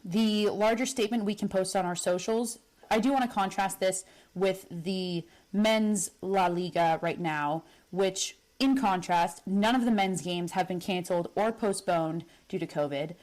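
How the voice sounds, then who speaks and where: A young woman running through football results in a brisk, news-reader way. Her pitch sits in the middle for a woman, and the delivery stays even and focused. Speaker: podcast co-host. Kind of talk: sports news roundup.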